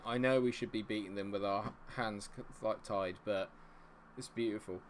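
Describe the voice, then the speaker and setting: A man's voice: fairly low pitch, steady tone, moderate pace, slight background noise. A young man streaming a football management game, chatting to viewers and swinging between cheering goals and fretting over results. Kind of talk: live stream commentary.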